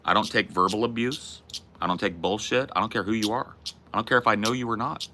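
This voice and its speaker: A man's voice: on the low side, quick pace, bright, forceful tone. A man hosting a casual chat with viewers, talking in a blunt, profane and emphatic way. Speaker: streamer host.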